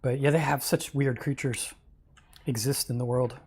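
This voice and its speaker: A man's voice: mid-range voice, fairly even intonation, moderate pace, a little mellow, slight background noise. A man casually commenting on a game he is streaming, joking and reacting aloud.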